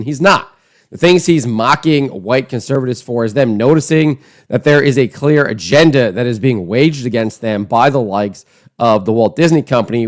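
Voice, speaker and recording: A man hosting an online political commentary show, talking in a scornful, emphatic, conversational way. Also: mid-range voice.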